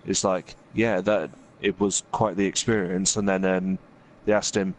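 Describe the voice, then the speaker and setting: A man's voice: sits low, level tone, normal speed. A man hosting a gaming video, casually retelling a story in a rambling way, full of fillers and quoted asides. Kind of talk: casual storytelling while playing a game.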